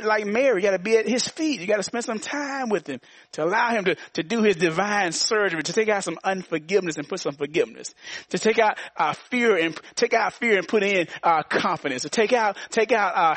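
A man's voice: high voice, a bit bright, dry recording. A man of around sixty preaching a sermon, repeating lines for emphasis and inviting the congregation to answer back. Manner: repetitive call-and-response preaching with frequent laughs. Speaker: pastor.

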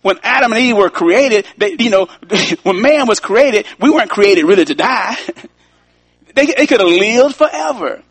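A man's voice: sits high, animated, normal speed, fairly bright tone, breathy edge, no echo. A man preaching a sermon to his congregation, talking in a conversational way, repeating himself and addressing listeners directly.

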